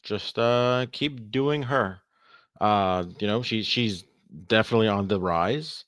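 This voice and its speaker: A man's voice: fairly low pitch, slow, no room sound. Chatty man with a dry, close sound. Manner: animated, rambling, stammering. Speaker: podcast co-host. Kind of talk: casual podcast chat.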